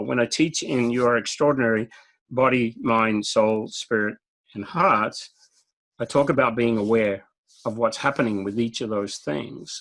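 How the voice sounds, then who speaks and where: A man with an Australian accent speaks directly in a casual interview, his voice gravelly and mid-pitched. He tells stories with frequent chuckles. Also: fairly bright tone, poor audio. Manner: direct, storytelling, chuckles often. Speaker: guest speaker.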